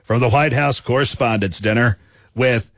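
A man hosting a weekly radio countdown of news soundbites, in upbeat announcer style with drawn-out emphasis. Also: mid-range voice, fairly bright tone, dry recording.

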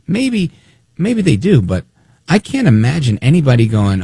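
Gravelly, animated talk radio man. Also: mid-range voice, a little fast, dry recording. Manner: animated, snide, acts out quotes. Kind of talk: opinionated political talk radio.

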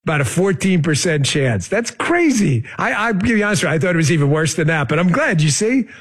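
Urgent high-voiced male podcast host. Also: very animated, brisk, breathy edge. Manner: urgent, emphatic, addresses listeners as folks. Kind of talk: political commentary monologue.

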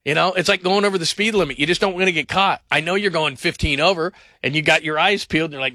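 High bright sports radio guy rambling about football, dry studio sound. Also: quick pace, few pauses, no echo. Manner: animated, rambling, conversational.

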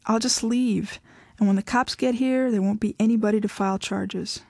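A woman voicing an estranged wife who speaks firmly, flatly and with worn patience. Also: medium pitch, normal speed, vocal fry, breathy edge, no room sound, clean studio sound. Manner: firm, flat, impatient.

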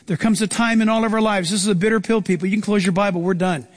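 A man's voice: high-pitched, fairly even intonation, fast. A man preaching a sermon as a pastor, earnest and emphatic, repeating phrases as he drives points home. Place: church.

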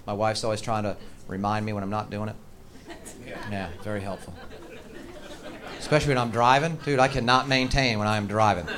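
A man's voice: on the low side, fairly even intonation, fairly quick, pauses often, crowd noise. A middle-aged man doing profane, ranting, self-mocking stand-up comedy in a live club set. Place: comedy stage.

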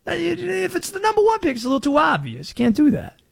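A man plays a suspicious, conspiracy-minded radio character with an exaggerated Southern accent. The drawl sits high and swoops all over the place. It is an insistent, wheeling talk-radio bit. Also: wildly swooping pitch, fast, creaky, no echo, studio quality, exaggerated voice. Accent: put-on Southern US.

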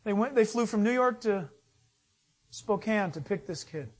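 Middle-aged male pastor, lively storyteller, high voice, sermon. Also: moderate pace. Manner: storytelling, animated, acts out voices in anecdotes.

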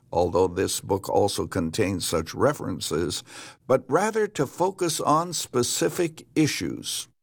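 Older pastor talking in a dry studio. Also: male voice, mid-range voice, no echo. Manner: measured, earnest explaining. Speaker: pastor and radio Bible teacher. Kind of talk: studio radio conversation. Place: radio studio.

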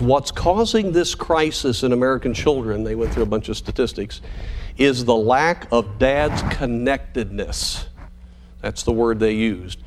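A man's voice: mid-range voice, slight background noise. A man preaching a sermon to fathers, earnest and exhorting, weaving in illustrative stories. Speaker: pastor.

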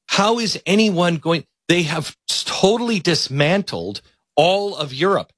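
A man's voice: on the high side, lively intonation, a little slow, fairly bright tone, dry recording. A man hosting a talk show, earnestly retelling conversations and sometimes searching for words. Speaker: talk radio host. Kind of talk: political monologue.

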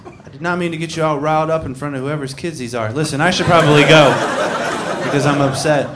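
A man doing a stand-up comedy set, telling stories with quick asides over a live crowd. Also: on the high side. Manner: animated storytelling with quick asides. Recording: live club mic with audience noise. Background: laughing crowd.

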